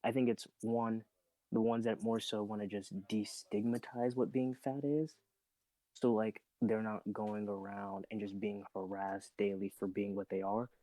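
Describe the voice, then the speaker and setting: A man's voice: on the low side, little pitch movement, measured pace, warm tone, no echo, low-quality recording. A man in a casual group discussion, laying out his points step by step with careful hedging. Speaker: podcast co-host.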